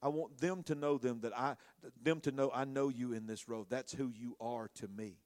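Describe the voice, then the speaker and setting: A man preaching a passionate sermon, swinging between hushed, intimate lines and loud, rising storytelling. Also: mid-range voice, steady tone, normal speed. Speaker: pastor.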